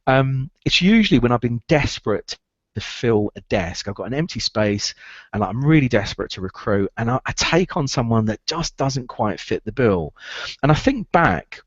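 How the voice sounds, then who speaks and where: A man's voice: mid-range voice, no echo, muffled recording. A man giving a training talk on running a recruitment business, emphatic and repeating key phrases to drive them home.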